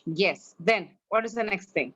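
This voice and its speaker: A woman's voice: mid-range voice, measured pace, fairly bright tone, no echo, highs cut off. Indian woman teaching an online English class. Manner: corrects pronunciation, drills students. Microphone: online class, video call.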